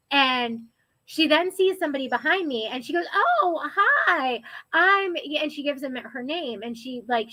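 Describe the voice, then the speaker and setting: Young woman, higher voice with a bright edge, lively storytelling, dry close sound. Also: no room sound, low-quality recording. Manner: animated, quotes people in raised voices. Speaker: guest telling her life story. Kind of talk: casual storytelling.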